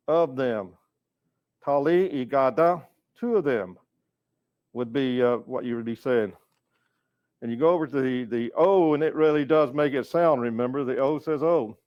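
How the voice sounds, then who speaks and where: A man from North Carolina teaching a language lesson, going slowly and patiently, repeating each word and chuckling now and then. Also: medium pitch, no echo. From North Carolina, USA. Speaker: educator and storyteller. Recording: dull, lo-fi recording.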